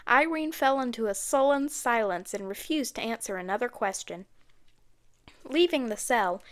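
A woman narrating an audiobook in a steady storytelling manner. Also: a little high. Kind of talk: scripted narration.

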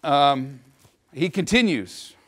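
A man's voice: fairly high pitch, expressive, takes it slowly, a bit bright. A man giving an informal history lecture to a live audience, explaining events in a chatty way and often checking in with his listeners. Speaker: history presenter.

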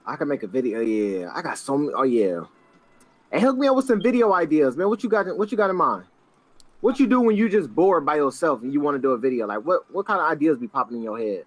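A man's voice: a little high, very animated, fast, dry recording. A young man chatting casually with a friend during a roleplay game, easygoing and curious, in slang. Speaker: fellow roleplay player. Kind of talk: casual gaming chat.

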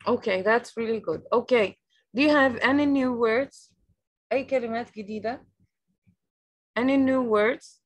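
Woman, Egyptian accent, fairly high voice, online English teacher, patient word-by-word drilling. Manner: repeats each word slowly and patiently, explains in Arabic. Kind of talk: online language lesson.

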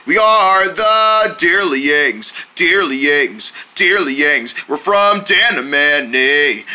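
A single performer voices every character in a homemade cartoon, jumping from high squeaks to lower tones with a wide, lively pitch range. The sound is sharp and very bright, and the performer fills the lines with playful shouted roars and sing-song nonsense. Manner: silly, bouncy, switches between many pitches and shouted roars. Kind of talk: one performer voicing a whole cast of playful characters.

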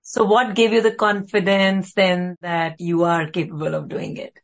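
A woman's voice: on the low side, level tone, moderate pace, gravelly. A woman hosting a podcast, asking a guest encouraging interview questions.

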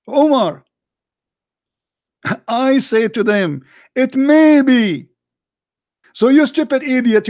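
A man's voice: very high voice, a little mellow, dry recording, studio quality. A man hosting a heated live call-in debate, combative and interrupting, repeating his points insistently and losing his voice. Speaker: livestream debate host.

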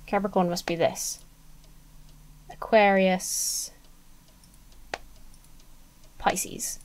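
A chatty woman commenting on a game as she plays, joking and muttering to herself. Her pitch jumps around a lot, and faint game music plays behind her. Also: expressive, normal speed. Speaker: let's play streamer. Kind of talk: casual gameplay commentary.

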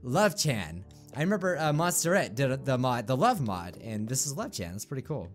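Animated, excitable man commenting on gameplay. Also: mid-range voice, a little fast, soft background music. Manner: excitable, laughs often, talks to game characters. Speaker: gaming video creator.

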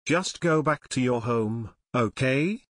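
A man's voice: mid-range voice, animated, takes it slowly, a bit bright, no echo. Man playing a determined young hero in a children's fantasy read-aloud, plain dry voice. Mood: earnest. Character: young male hero worried about his father.

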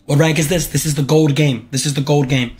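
A man streaming gameplay live, excitable and hyping himself up, repeating his phrases over and over. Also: a little high, brisk, soft background music. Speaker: game streamer.

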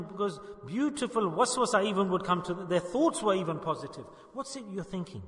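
A man's voice: high-pitched, expressive, fairly quick, hardly any pauses, a bit bright. A man preaching a sermon to a gathering, emphatic and repeating his key points. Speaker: Sufi preacher. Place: gathering hall. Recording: echoey hall, long reverb.

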